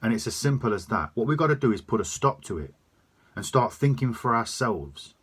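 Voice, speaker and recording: A man's voice: mid-range voice, expressive, fairly quick, breathy edge. A man delivering a sweary, emphatic opinion rant to camera. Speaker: vlogger.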